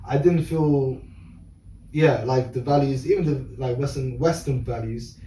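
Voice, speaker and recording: A British man speaks quietly and thoughtfully, stopping and restarting his thoughts. He sounds distant in an echoey room with faint background noise. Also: medium pitch, a little slow. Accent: British English. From England. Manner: hesitant, restarts often, quiet and reflective. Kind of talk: casual chat.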